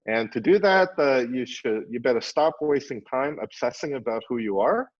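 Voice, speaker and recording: A man's voice: medium pitch, expressive, moderate pace. Musing man on a dull online call. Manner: musing, thinks aloud with many "uh"s and "you know"s. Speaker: architect and teacher. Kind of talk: reflective panel discussion. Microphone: video call.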